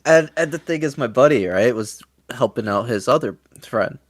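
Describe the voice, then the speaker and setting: A man co-hosting a casual podcast, telling stories slowly and laughing often. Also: medium pitch, expressive, no echo. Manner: slow storytelling with frequent laughter. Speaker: podcast co-host.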